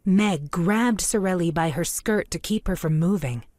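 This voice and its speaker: A woman narrating a children's storybook in a clear, measured storytelling manner. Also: on the low side, darkish tone, no echo, clean studio sound.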